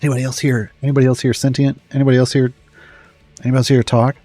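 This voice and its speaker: A man voicing a sentient, rebellious dancing sword who is a bard, in a high, incredulous, exclaiming voice. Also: level tone, very fast, mellow, no echo, soft background music, lightly acted. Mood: searching.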